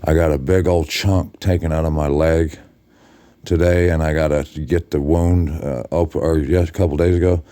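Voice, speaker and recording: A man's voice: rumbling low, steady tone, moderate pace, warm tone, smooth, no echo. An exhausted man lying in bed in a hotel room, talking casually to his followers late at night and rambling through restarts and self-corrections. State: exhausted and drained. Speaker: video blogger addressing his followers.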